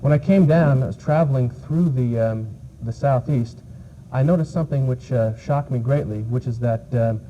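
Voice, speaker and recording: A New York man who teaches English answers interview questions in a mid-range voice at normal speed, hesitating often with uh and um. The recording is muffled archival TV audio with a faint hiss.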